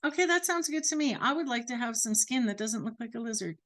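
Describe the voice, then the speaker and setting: A woman voicing an eager woman with skin trouble, high and excited. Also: fast.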